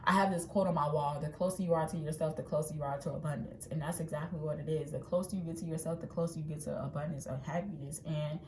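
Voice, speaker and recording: A woman giving a casual tarot reading in a chatty, animated way, acting out what people might say. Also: low voice, fast talker, few pauses. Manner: chatty, animated, acts out quotes. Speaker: tarot reader. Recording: echoey room with faint ambient noise.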